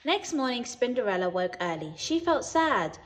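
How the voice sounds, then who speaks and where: A woman with a British accent reading a children's picture book aloud as a teacher, expressive and lively. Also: a little high, moderate pace. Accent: British English. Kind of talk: children's story read-aloud.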